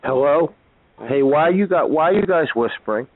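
A man's voice: on the high side, lively intonation, moderate pace, faint music behind. A man on a chat line, arguing and ranting with many stumbling restarts. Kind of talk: heated phone argument. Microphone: phone. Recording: dry tinny phone line.

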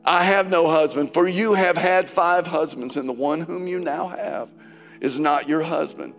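A man preaching a sermon as pastor, passionate, swinging between loud declarations and hushed quotes from scripture. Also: fairly high pitch, a little slow, gravelly. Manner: passionate preaching, voice rising and dropping, quoting scripture dramatically. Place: church sanctuary. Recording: church hall with long reverb and faint music.

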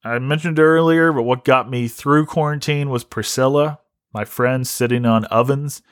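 A man hosts a comedy podcast, ranting and telling stories in a loose, rambling flow full of swearing and restarts. His voice sits at a middling pitch, recorded close and dry with no room sound. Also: fairly even intonation, moderate pace, clean tone, no room sound. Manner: rambling, profane, restarts a lot. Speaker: podcast host. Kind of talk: casual comedic rant.

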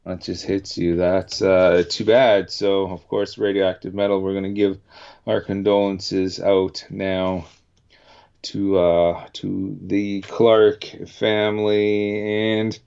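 A man's voice: deep voice, little pitch movement, slow pace, creaky, a little mellow, clean tone. A Canadian man hosting a radio show, chatting casually and rambling with many restarts. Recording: dull lo-fi sound.

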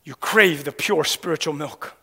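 A man with a fairly high, sharp, slightly rough voice preaches a sermon at normal speed. As pastor, he poses questions to the congregation and waits for answers in emphatic call-and-response, with long hall reverb in the church sanctuary.

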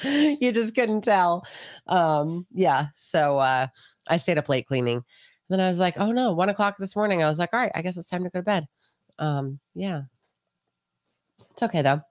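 A woman with a low voice tells a rambling, profane story as a podcast co-host. Her delivery is animated and casual. The sound is dry and close. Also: measured pace, pauses often, dry recording.

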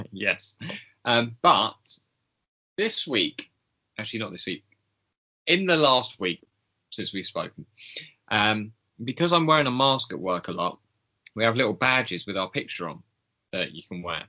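A man's voice: lowish voice, big pitch swings, a little slow, pauses often, bright, forceful tone. A man co-hosting a casual podcast chat, rambling with lots of ums and small laughs. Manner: rambling, hesitant with many ums, chuckling. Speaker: podcast co-host. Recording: dull lo-fi recording.

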